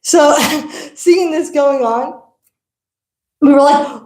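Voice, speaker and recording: A woman's voice: high voice, steady tone, a little slow, pauses often, dark tone, reverberant, rough recording. A woman giving a devotional talk, telling a story animatedly and laughing often. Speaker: devotional speaker.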